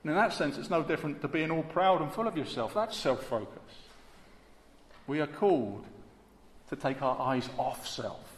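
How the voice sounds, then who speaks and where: Male preacher, mid-pitched, hushed-to-forceful delivery, recorded in a large church hall with lingering reverb. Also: lively intonation, normal speed. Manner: emphatic, rhetorical, swings between hushed and forceful. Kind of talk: sermon. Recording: echoey hall, long reverb, faint background hiss.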